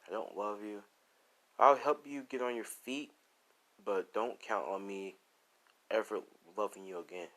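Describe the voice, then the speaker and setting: A man voicing a bitter young man who answers his former lover in a flat, dismissive tone. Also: on the low side, unhurried, pauses often, rough recording. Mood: cold.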